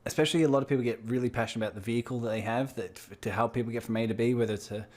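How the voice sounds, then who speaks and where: A man's voice: mid-range voice, steady tone, racing, darkish tone. A man hosting an interview, thoughtfully restating and building on his guest's points in casual talk. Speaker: podcast host.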